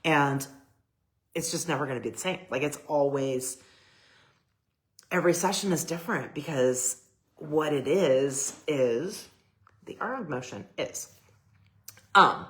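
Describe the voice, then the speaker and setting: Middle-aged woman photographer, low voice, chatty and gushing, lots of fillers and restarts. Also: a little slow, long pauses, fairly bright tone. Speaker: boudoir photographer. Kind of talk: casual personal talk to camera.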